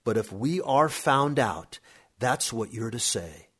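A man's voice: medium pitch, expressive, slow pace, a bit bright, slightly rough, heavily acted. A man voicing a proud, serious teenage boy who talks in an emphatic, lecturing way. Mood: boastful.

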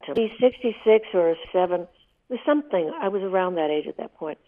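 A woman's voice: on the low side, lively intonation, a little fast. An older woman in her eighties, a guest telling vivid, emotional stories in a candid interview. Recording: tinny phone line.

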